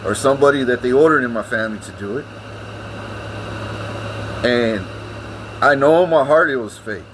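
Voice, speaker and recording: A man's voice: mid-range voice, normal speed, noisy background. A man, ranting casually to his vlog audience, swearing often and repeating himself. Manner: profane, rambling, repeats himself. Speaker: vlogger.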